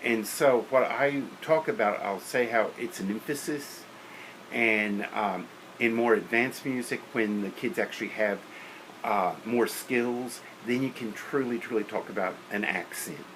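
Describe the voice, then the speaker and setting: A man's voice: lowish voice, a little slow, fairly bright tone, a little hiss or hum, poor audio. A man lecturing on teaching beginner band, practical and opinionated, counting and singing rhythms aloud. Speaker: music teacher.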